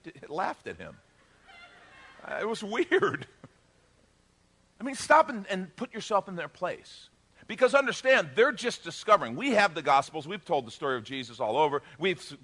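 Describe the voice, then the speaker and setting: A male pastor delivers a sermon as lively storytelling, acting out dialogue and joking with the congregation. His voice sits high and swings widely in pitch. The tone is bright and forward. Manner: animated storytelling with acted-out dialogue and jokes.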